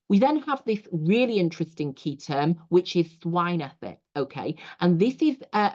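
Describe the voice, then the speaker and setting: A woman's voice: fairly low pitch, darkish tone. A young adult woman from England, a teacher giving a recorded lecture over slides, explaining steadily with frequent 'you know' asides. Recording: dull lo-fi audio.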